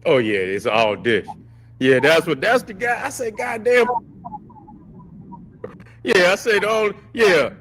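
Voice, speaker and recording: A podcast host with a fairly bright, higher-pitched voice speaks unhurriedly on poor audio with a little hiss or hum. His show is a casual commentary rant, profane, joking, and full of trash talk, and he laughs at his own jokes.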